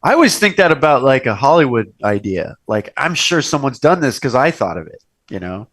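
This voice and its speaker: A young man hosting a casual chat show from a restaurant's wine cellar, telling stories and acting out quoted lines in bigger voices. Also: brisk. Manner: animated storyteller, acts out quotes with big pitch jumps. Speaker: podcast host.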